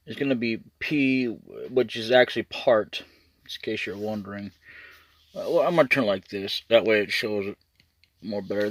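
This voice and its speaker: A man's voice: lowish voice, fairly bright tone, no room sound. A man giving a casual, rambling update to his channel's viewers, restarting sentences often. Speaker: YouTuber.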